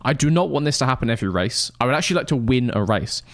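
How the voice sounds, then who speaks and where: A man's voice: medium pitch, expressive, racing, dry recording, clean studio sound. A young man chatting casually with his live-stream viewers, rambling and swearing in mock-indignant banter.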